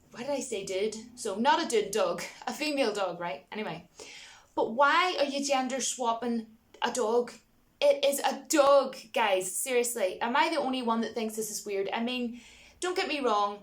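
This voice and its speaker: Woman vlogger, fairly high voice, casual rant, exasperated, keeps talking to her viewers. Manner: chatty, exasperated, many asides to viewers. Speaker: vlogger reviewing films. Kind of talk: casual opinion rant to camera.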